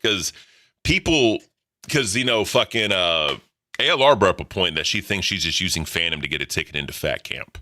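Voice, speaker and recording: A man's voice: low voice, lively intonation, normal speed, sharp tone. A man hosting a podcast in casual, profane, rambling banter. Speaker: podcast host. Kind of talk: casual crude commentary.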